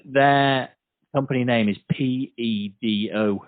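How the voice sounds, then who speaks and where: A man's voice: mid-range voice, fairly even intonation, slow pace, no room sound. English guy hosting a podcast, jokey chatty talk, tinny phone sound, dead dry. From England. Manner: chatty, jokey, does playful accent impressions. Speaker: podcast host. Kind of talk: casual chat.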